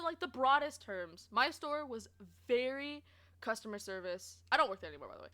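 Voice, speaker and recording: A young woman streamer from Canada, casually telling stories to her chat, expressive and swearing freely. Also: fairly high pitch. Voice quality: expressive, swears, laughs often.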